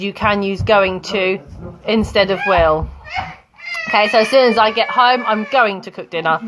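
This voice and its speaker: A woman's voice: mid-range voice, fairly bright tone, slight background noise. A woman teaching English grammar in a live online lesson, chatting with students and laughing often.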